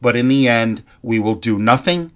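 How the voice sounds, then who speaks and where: A man's voice: medium pitch, normal speed, fairly bright tone. Angry profane man ranting. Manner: angry, profane, rambling with restarts; earnest and heartfelt. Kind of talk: impassioned ranting monologue.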